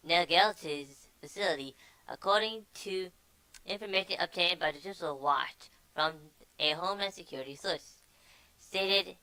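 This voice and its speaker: A woman's voice: fairly low pitch, pushed and bright, clear, resonant tone, dry recording, rough recording. A woman hosting a news show, reading articles aloud with sarcastic asides and frequent stumbles and repeated words.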